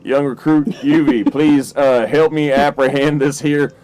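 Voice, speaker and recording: A man's voice: on the high side, steady tone, unhurried, music in the background, lightly acted, low-quality recording. A man voicing a stern, short, stocky older enforcer giving commands. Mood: commanding.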